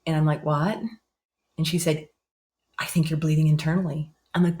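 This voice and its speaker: A woman in her fifties with a slightly low voice tells her own story as a guest. She talks in an animated way, repeats words for emphasis and often jumps up in pitch to act out what others said. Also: normal speed. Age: 50s. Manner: animated, acts out others' lines in raised voice. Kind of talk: emotional personal storytelling.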